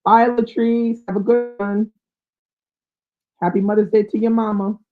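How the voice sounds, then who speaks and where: A woman with a fairly high, level voice hosts a live book chat a little slowly, reading viewer comments and thinking aloud with fillers. Faint music plays behind her, and the sound is tinny and phone-like.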